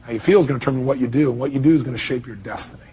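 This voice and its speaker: A man's voice: mid-range voice, racing, dark tone. A middle-aged man giving an emphatic seminar talk and firing rhetorical questions at his audience. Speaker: motivational speaker.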